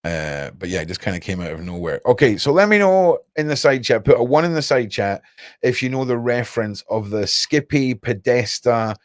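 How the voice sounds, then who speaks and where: A man's voice: medium pitch, animated, moderate pace, no room sound, studio quality. A young man hosting a livestream, rambling casually and talking straight to his chat viewers. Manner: rambling, cryptic, chats to viewers. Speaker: livestream host.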